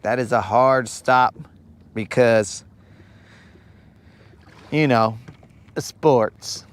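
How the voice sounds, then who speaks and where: Slow-talking laid-back male fishing streamer. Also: mid-range voice, fairly bright tone. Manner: laid-back, slangy, greets viewers from chat. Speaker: fishing live-stream host. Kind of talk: casual live-stream chat. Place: outdoors on a boat on a lake.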